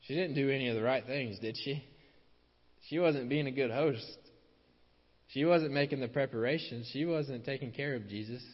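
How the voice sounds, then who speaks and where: A man preaching a sermon, repeating key phrases for emphasis and dropping softer at the end of his points. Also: medium pitch, moderate pace. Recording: dull lo-fi sound with long hall reverb.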